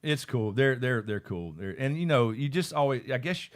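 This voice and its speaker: A man's voice: mid-range voice, lively intonation, normal speed. A man hosting a live stream in casual chat, with a loose, rambling way of talking as he reads out viewers' comments. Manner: laid-back, rambling, reads chat aloud.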